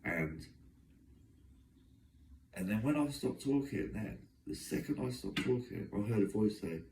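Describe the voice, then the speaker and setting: A man's voice: on the low side, lively intonation, a little slow, pauses often, a little mellow, recorded from a distance, a little hiss or hum. A young man talking to camera in a long, agitated, aggrieved monologue that runs on from one complaint to the next. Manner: aggrieved, agitated, run-on storytelling. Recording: echoey room, voice away from mic.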